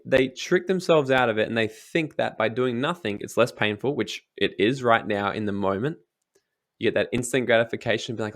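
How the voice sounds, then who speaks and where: A man's voice: mid-range voice, a little fast, fairly bright tone. A young man speaking as a guest in an interview, giving emphatic motivational advice and swearing casually. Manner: emphatic, swears casually, acts out quoted voices.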